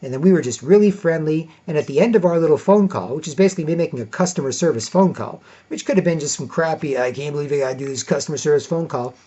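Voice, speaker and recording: A man's voice: on the high side, quick pace, few pauses, mellow. A man talking in a casual monologue as a podcast host, rambling and padding his points with "you know" and "right". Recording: dull lo-fi recording.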